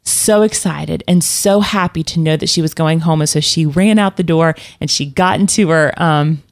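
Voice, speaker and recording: Lady telling a story, kinda low voice, lots of ums and restarts. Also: normal speed. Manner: rambling, many restarts and fillers, laughs often. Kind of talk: casual storytelling.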